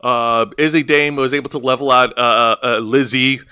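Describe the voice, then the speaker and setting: A man co-hosting a casual wrestling review show, animated and swearing often, stumbling over names as he recaps a match. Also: medium pitch, normal speed, smooth. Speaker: podcast co-host reviewing wrestling. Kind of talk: casual profane review chat.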